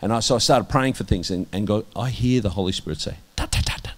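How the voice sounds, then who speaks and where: An Australian man sharing candid testimony in an interview, earnest and halting, with many restarts and a voice that drops soft at times. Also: lowish voice. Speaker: interviewee, minister.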